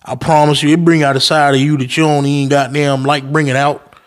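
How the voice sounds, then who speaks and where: Young guy hosting a podcast, cussing a lot while he tells a story, voice sits a bit high. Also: brisk. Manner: profane, animated storytelling with acted-out quotes. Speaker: podcast host. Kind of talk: casual storytelling monologue.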